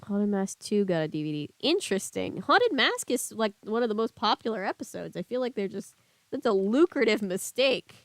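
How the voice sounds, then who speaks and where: A woman's voice: medium pitch, brisk, a little mellow, no room sound. A woman streamer reading a book aloud and chatting casually with her live chat.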